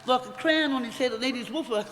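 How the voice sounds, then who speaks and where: Middle-aged Australian woman, very high voice, rambling funny eulogy in an echoey hall. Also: fast talker, fairly bright tone. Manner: chatty, rambling, laughing through stories. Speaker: eulogy speaker. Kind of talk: funeral eulogy, anecdotal storytelling. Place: funeral hall. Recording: echoey hall with faint noise.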